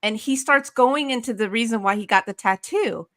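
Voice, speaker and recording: A woman's voice: fairly high pitch, moderate pace, a bit bright. A woman hosting a live video podcast. She talks in an upbeat, chatty way as she introduces and questions her guest. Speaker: podcast host.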